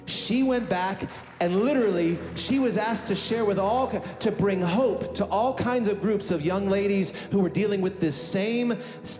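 A man preaching a sermon as pastor, telling a story emphatically and building to fervent declarations. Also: high voice. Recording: echoey hall with soft music.

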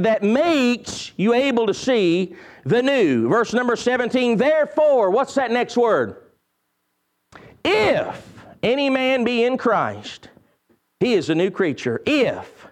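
A pastor delivers a sermon in a strikingly high voice for a man. He hammers key phrases again and again, leaping up in emphasis and then sinking low and soft. His delivery is fervent and insistent. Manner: emphatic preaching with heavy repetition and sudden rises and drops in pitch.

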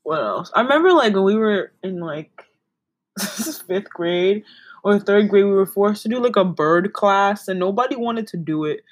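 A young woman co-hosting a podcast tells stories in a casual chat, giggling a lot and saying "like" constantly. Her mid-range voice is expressive, moving at a moderate pace with no echo.

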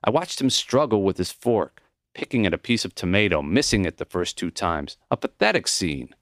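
A man narrating his own memoir in an audiobook, reflective and intimate. His voice sits fairly low but moves through an animated range of pitch. The recording is dry and close, with no room sound. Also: moderate pace, no room sound. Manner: reflective, intimate first-person storytelling. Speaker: author reading his own book.

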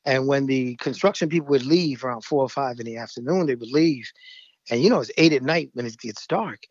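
A man's voice: mid-range voice, a little fast, no echo. A man in his fifties from the Bronx, co-hosting a podcast and telling stories animatedly, laughing often. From New York (Bronx). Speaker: podcast co-host. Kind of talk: casual chat, storytelling. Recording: dull, dry lo-fi sound.

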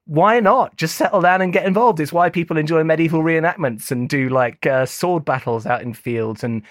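Animated man, enthusiastic chat. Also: fairly high pitch, moderate pace, no room sound, clean studio sound. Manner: animated, enthusiastic, laughs often. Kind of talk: casual chat.

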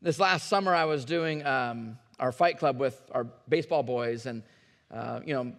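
A man's voice: medium pitch, normal speed, a bit bright, big-room sound. A man preaching a sermon as a pastor, talking to the congregation in an earnest, conversational way and often repeating his words.

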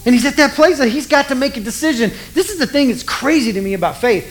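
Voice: sits high, animated, fast talker, poor audio. A preacher giving a conversational sermon, retelling a scripture story with humor and poking fun at their own faith. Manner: conversational, self-deprecating, storytelling.

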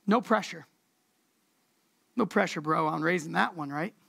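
A woman preacher giving a casual, conversational sermon, relaxed and slangy, repeating words for emphasis. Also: lowish voice, a little slow, creaky, husky.

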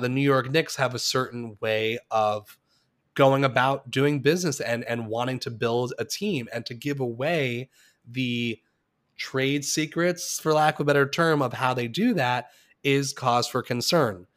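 Man, podcast co-host, casual, hesitant, self-deprecating, mid pitch. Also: normal speed, fairly bright tone. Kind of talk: casual chat.

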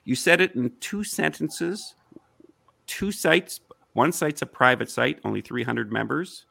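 A man pressing his point in a heated online discussion, his voice gravelly and full of swings in pitch. He talks insistently and piles up rhetorical questions. The sound is close and dry. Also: expressive, measured pace, sharp tone, no echo.

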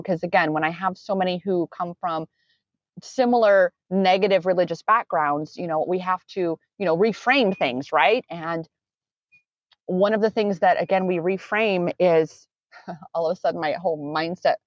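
This coach has a lowish voice and speaks at a normal pace, wandering through her thoughts earnestly and often fixing her words mid-sentence during an interview-style conversation. There's no room sound, though the audio is dull and lo-fi.

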